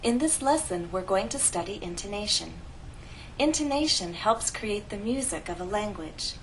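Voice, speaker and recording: Woman, pronunciation teacher, clear deliberate delivery, faint room noise. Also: medium pitch, lively intonation, low-quality recording. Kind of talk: scripted lesson narration.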